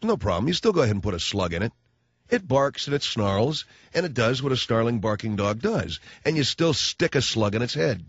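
Brash, blunt radio talk host. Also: male voice, medium pitch, big pitch swings, a little fast, slightly rough, no echo. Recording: dull lo-fi radio broadcast.

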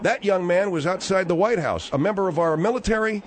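A man's voice: high voice, fairly quick, a little hiss or hum. A man hosting a talk radio show. He argues in a combative, sarcastic way.

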